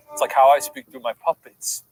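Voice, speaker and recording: A woman's voice: a little mellow, low-quality recording. A woman hosting a playful, giggly chat at a backyard campfire. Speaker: host. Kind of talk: casual chat.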